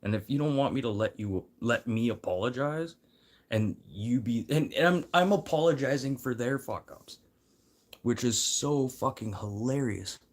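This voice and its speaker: A man rambling casually to his livestream viewers, swearing freely and swinging from low mutters to loud encouragement. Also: moderate pace.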